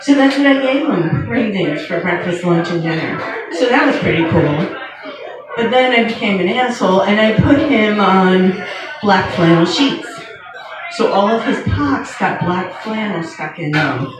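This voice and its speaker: A woman in her fifties doing a stand-up comedy set, telling stories in a wry, deadpan way with pauses before the punchlines. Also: mid-range voice, music in the background. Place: comedy venue. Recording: echoey room heard from far off, with noise.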